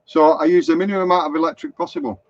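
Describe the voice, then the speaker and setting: A man's voice: on the high side, racing, creaky, no room sound. Chatty Lancashire man, dull lo-fi stream. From Lancashire, England. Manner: chatty, anecdotal, reads out viewer comments. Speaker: motorhome vlogger. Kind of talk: rambling live-stream chat. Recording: dull lo-fi live stream, dry.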